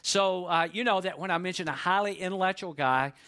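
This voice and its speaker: A man's voice: sits high, a little fast, sharp tone. A man preaching a sermon as pastor, conversational and folksy, telling a joke story before the message. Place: church.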